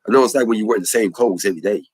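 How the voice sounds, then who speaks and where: A man with a low, husky voice preaches in an earnest testimony style. He leans on repetition and emphatic rhythms. The sound is dry and close, with no room echo. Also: very fast. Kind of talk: impassioned spoken testimony.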